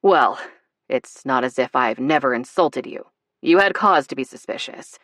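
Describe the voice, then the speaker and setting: Woman reading as a gruff grown man, teasing, low voice, dry close sound, audiobook. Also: lively intonation, moderate pace, fairly bright tone, dry recording. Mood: earnest. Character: blustering but tender grown man.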